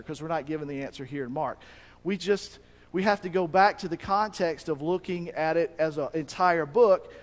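A man preaching a sermon as pastor, animated, acting out quoted voices with a rising pitch. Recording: long reverb of a hall.

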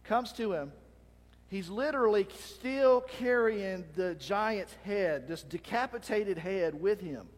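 A man preaching a sermon as pastor, talking animatedly and acting out the shouts of a crowd. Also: high voice, lively intonation, takes it slowly. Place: church hall. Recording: long reverb of a hall.

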